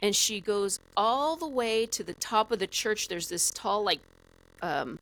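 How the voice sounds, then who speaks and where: A woman guest on a podcast, telling a story in a lively, animated way with lots of "like" fillers. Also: medium pitch, a little slow, low-quality recording. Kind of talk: casual storytelling.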